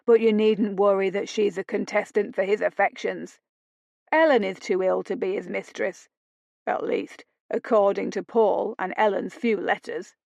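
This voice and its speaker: A woman narrator voicing a reserved man who explains things calmly. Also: mid-range voice, normal speed, vocal fry, dry recording, dull audio, natural voice.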